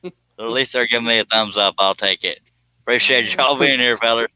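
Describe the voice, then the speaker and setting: Bright-voiced man hosting a livestream. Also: medium pitch, moderate pace, smooth, no room sound, poor audio. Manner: folksy, joking, reads viewer comments aloud. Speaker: livestream host. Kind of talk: casual livestream chat reading comments.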